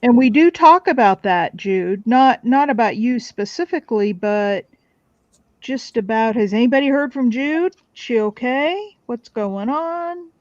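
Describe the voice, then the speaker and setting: A woman joining a casual craft livestream over a video call, speaking earnestly with drawn-out phrasing. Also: a little high, animated, no room sound, muffled recording.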